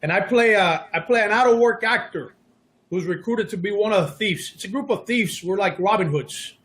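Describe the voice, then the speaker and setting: A man's voice: high-pitched, normal speed, fairly bright tone. A middle-aged man, an actor guest in an interview, telling stories in a casual, self-deprecating, joking way.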